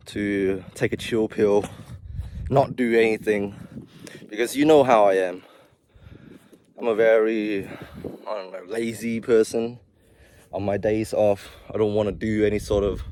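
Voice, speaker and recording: A young man in healthcare vlogs to camera, his voice fairly low and darkish with slight background noise. Out of breath, he talks casually and confessionally to his viewers, rambling with frequent asides.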